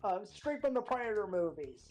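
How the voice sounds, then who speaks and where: A woman's voice: mid-range voice, big pitch swings, brisk, darkish tone, faint music behind, rough recording. A woman streaming a game, chatting casually and reading the dialogue aloud. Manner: reads game dialogue aloud, laughs often. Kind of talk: casual gameplay chat.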